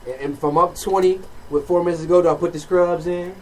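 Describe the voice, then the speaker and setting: Fast-talking man giving life lessons. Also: high-pitched, steady tone. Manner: rapid, repetitive, keeps asking "you know what I mean". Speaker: podcast co-host. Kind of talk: casual chat, preaching life lessons. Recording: distant mic with faint background noise.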